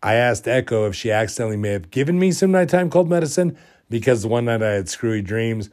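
A man's voice: medium pitch, animated, quick pace, darkish tone. A man hosting a podcast, telling a rambling, amused story in a casual, self-deprecating way while getting over a cold. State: recovering from a cold. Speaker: podcast host.

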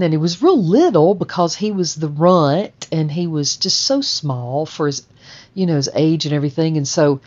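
Low-voiced woman telling her life story. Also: darkish tone, highs cut off. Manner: rambling, conversational, full of "and so" and "you know". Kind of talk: personal memoir storytelling.

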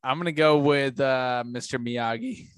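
A man's voice: medium pitch, unhurried, a bit bright, clear, resonant tone, no room sound, clean studio sound. A man co-hosting a podcast, teasing the others in casual banter. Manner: swearing, teasing. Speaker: podcast co-host. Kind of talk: casual chat.

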